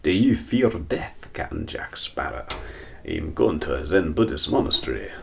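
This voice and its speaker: A man putting on a clumsy impression of a rough-and-ready Scottish man, with a Scottish accent. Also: rumbling low, sing-song, moderate pace, slight background noise, heavily acted. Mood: gruff.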